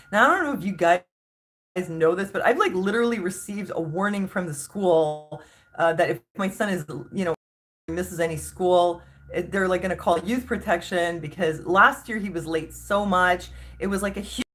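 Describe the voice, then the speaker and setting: A woman's voice: lowish voice, a bit bright. Exasperated woman venting to camera. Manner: exasperated, emphatic, many restarts. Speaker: vlogger. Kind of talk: casual storytelling rant.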